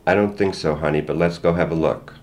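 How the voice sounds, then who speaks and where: A man's voice: a bass voice, a little fast. A man voicing a firm, protective mother. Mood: gentle. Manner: firm and steady, soft with the children.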